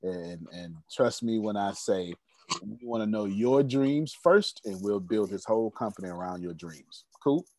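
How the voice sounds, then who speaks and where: A man's voice: on the low side, lively intonation, measured pace, a little mellow, a little hiss or hum. A man in his forties hosting an online business coaching meeting, emphatic and repetitive, laughing often and hyping up the group. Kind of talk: lively group video-call coaching.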